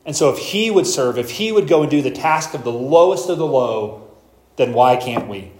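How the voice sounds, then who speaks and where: A pastor preaching an expository sermon, explaining scripture verse by verse and reading passages aloud slowly. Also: male voice, medium pitch, expressive, darkish tone, reverberant, low-quality recording.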